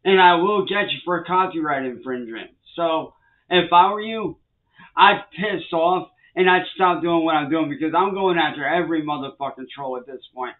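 A man's voice: a little high, moderate pace. A man ranting angrily to the camera, swearing and repeating threats and warnings at people he calls trolls. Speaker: vlogger. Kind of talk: angry rant to the camera. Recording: tinny phone-like sound.

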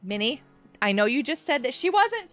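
High, giggly woman streamer. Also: sing-song, moderate pace, a bit bright, soft background music. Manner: giggly, chatty, laughs often. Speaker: gaming live streamer. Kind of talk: casual live stream chat. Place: home room with carpet.

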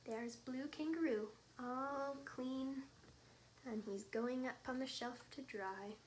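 A young woman, a children's librarian, reading a bedtime story with gentle, chatty asides to children. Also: sits high, slow pace, noisy background.

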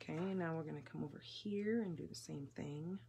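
Woman host of a casual live craft class; chatty, excitable, slightly low-pitched. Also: a little fast, gravelly, slight background noise. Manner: chatty, gushing, excitable with fillers. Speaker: papercraft demonstrator hosting a live class.

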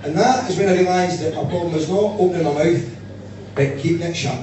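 Glaswegian stand-up comic, higher voice, far and echoey live room. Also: male voice, fast talker. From Scotland. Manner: animated storytelling, bursts into loud shouting impressions. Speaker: stand-up comedian. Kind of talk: stand-up comedy set. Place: live venue with audience. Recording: echoey distant room mic with noise.

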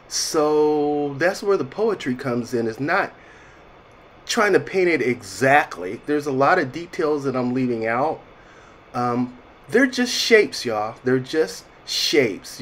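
A man with a lilt talks through his watercolor painting in a relaxed tutorial voice-over. His voice sits at a middle pitch, and his manner is chatty and self-mocking, full of wry jokes. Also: a little hiss or hum. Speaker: watercolor artist teaching.

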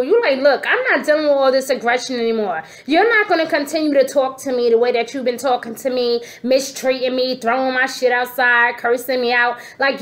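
A woman giving a casual tarot reading to her viewers, expressive and sassy, calling them endearments. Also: sits high. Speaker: tarot reader.

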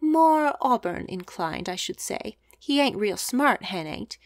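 A sharp-tongued older woman spills family gossip with a knowing, disapproving edge, played by a woman reader. The recording is dry and close. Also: a little high, very animated, takes it slowly, dry recording, full character voice.

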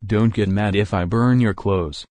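A man's voice: on the low side, measured pace, darkish tone, no echo, close to an everyday voice. A man reading a cold, reserved teen hero.

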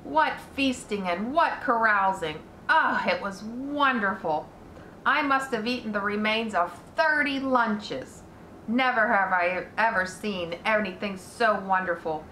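A woman voicing a greedy, boastful male rat, gluttonous and sly, with gloating drawn-out words in a roomy echo. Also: medium pitch, bright, forceful tone, slight background noise.

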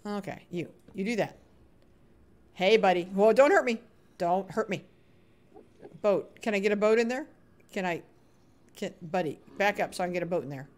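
A woman's voice: mid-range voice, moderate pace, pauses often. A woman live-streaming a building game, chatting casually, coaxing game characters in a sing-song voice and answering viewer chat. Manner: reads out viewer chat names and answers them. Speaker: Minecraft streamer.

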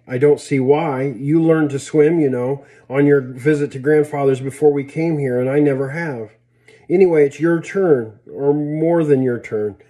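A man's voice: a little high, normal speed, mellow, natural voice. A man voicing a cheerful, eager sixteen-year-old girl in a read-aloud story. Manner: eager, coaxing.

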